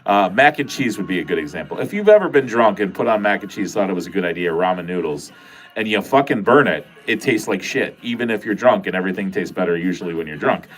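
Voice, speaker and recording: A man's voice: sits low, fast talker. Nasal man with a Wisconsin accent. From Wisconsin, USA. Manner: rambling, animated, swears casually. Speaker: livestream host. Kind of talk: casual livestream chat with viewers.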